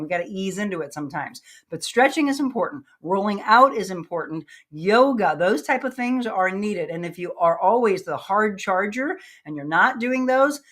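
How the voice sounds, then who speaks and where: A woman's voice: medium pitch, fairly bright tone. A woman hosting a live-streamed workout show, chatting with viewers and coaching exercises in an upbeat, chatty way. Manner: chatty, upbeat, laughs often, counts reps aloud. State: out of breath. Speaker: fitness show host.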